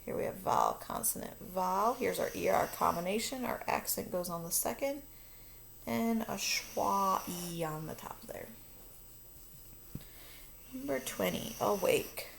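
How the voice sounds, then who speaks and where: A woman teacher calmly walking through a phonics lesson in a recorded video, explaining step by step. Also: mid-range voice, a little slow, vocal fry, slight background noise. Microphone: recording her own video lesson.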